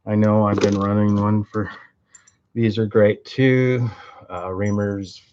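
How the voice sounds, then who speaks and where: A man's voice: lowish voice, little pitch movement, slow pace, noisy background. A man giving a casual, rambling workshop demonstration of his tools, joking and cursing as he works. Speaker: tool and engine video maker. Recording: muffled audio with clear clicking.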